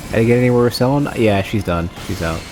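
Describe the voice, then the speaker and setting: A man's voice: lowish voice, fast talker, darkish tone, a little hiss or hum. A man streaming a video game, thinking aloud about damage numbers and reacting as he plays in casual commentary.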